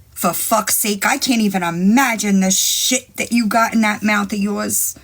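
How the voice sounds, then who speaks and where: A woman's voice: mid-range voice, measured pace. A woman hosting a live stream in casual chat, brash and profane, taunting her rivals and rambling to her chat on a phone mic. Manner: rambling, talks straight to chat. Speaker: livestream host.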